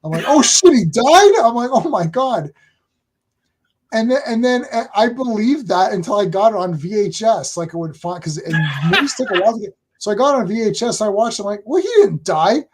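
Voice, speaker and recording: A woman co-hosting a relaxed podcast chat. She tells stories animatedly, acting out what everyone said with plenty of "I'm like" and "she's like". Her voice sits at an everyday middle pitch. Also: a little fast, a little hiss or hum. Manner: animated storyteller, lots of "I'm like" retellings. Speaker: podcast co-host. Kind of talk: casual chat.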